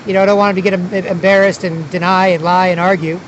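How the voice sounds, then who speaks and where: A man's voice: high voice, level tone, fast talker, lo-fi sound, a little hiss or hum. A man vlogging outdoors at a city square, talking in a rambling, repetitive way with many restarts. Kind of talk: casual outdoor monologue.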